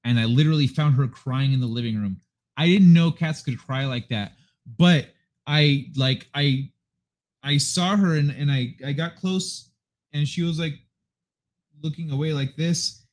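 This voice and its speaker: A man's voice: on the high side, unhurried. Laid-back man rambling to his viewers. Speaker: livestream host. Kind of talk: casual chat with viewers. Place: living room of his apartment. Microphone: desk microphone.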